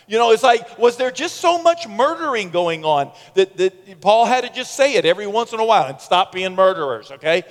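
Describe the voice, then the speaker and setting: A middle-aged man preaching a sermon as pastor, telling stories in an animated way and acting out quotes. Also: high-pitched, normal speed, hardly any pauses. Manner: animated storytelling, acts out quotes. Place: church sanctuary. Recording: long church reverb.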